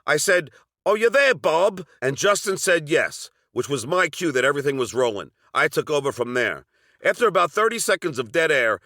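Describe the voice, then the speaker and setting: A man's voice: fairly high pitch, pushed and bright, no room sound, clean studio sound. A middle-aged man with a Long Island accent narrating a personal story from a script, with wry, sardonic asides.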